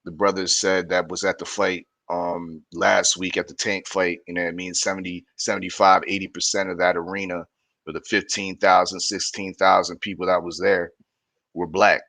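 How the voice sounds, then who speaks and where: A man co-hosting casual boxing talk, speaking haltingly with many fillers. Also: low-pitched, little pitch movement, sharp tone, no echo. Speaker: co-host.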